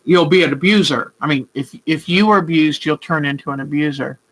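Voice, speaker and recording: This quilting vlog host is an older woman whose voice sits low and moves briskly. She keeps up a chatty, warm-hearted live conversation with viewers, welcoming them by name and drifting off on tangents. The audio sounds rough.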